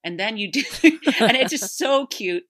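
A woman's voice: a little high, unhurried. A woman chatting casually about a film she loves, rambling with lots of fillers and frequent laughter. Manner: rambling, animated, laughs often, many fillers. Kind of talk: casual chat, movie recommendation.

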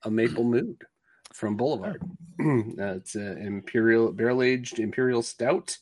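A man co-hosting a casual podcast, easygoing and halting as he chats. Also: medium pitch, no echo. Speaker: podcast co-host. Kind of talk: casual chat.

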